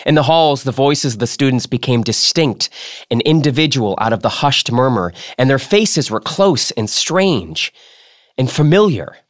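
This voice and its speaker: A man with a middle-pitched voice hosting a reading podcast. He reads steadily, then chats in a loose, joking way. The sound is close and very dry, with no room behind it. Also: animated, normal speed, dry recording. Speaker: podcast host. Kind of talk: reading aloud and casual chat.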